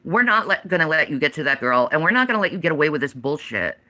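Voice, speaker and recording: A woman's voice: low-pitched, big pitch swings, fast, sharp tone. A woman in her forties, ranting on a livestream, swearing heavily in a defiant, emphatic way. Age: 40s. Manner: heavy profanity, defiant and emphatic.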